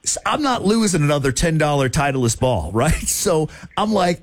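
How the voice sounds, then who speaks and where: An excitable male radio host tells a story on a talk show, his fairly high voice lively and swinging at a moderate pace with hardly any pauses. He keeps it loose and chatty, full of laughter and shouted asides, recorded close and dry with no room echo.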